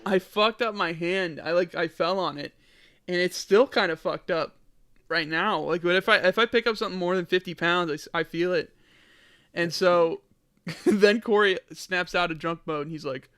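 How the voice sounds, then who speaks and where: A man's voice: high-pitched, moderate pace, sharp tone, clean tone. A young man co-hosting a podcast, retelling a party story in a casual chat and laughing often. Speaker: podcast co-host. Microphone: podcast mic.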